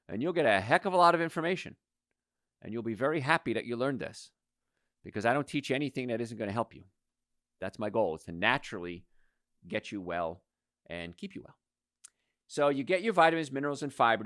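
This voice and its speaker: A man in his sixties hosts a radio health show, talking with emphatic energy and a lively pitch that leaps up and drops low. He rattles off long lists. The studio sound is close and dry. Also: no room sound. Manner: animated, emphatic preacher-like delivery with lists.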